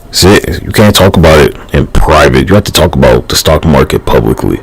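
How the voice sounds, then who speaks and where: A man's voice: a bass voice, expressive, a little fast, creaky, breathy edge, rough recording. A man live streaming, rambling loosely in a casual, profane, slangy way. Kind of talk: rambling casual livestream talk.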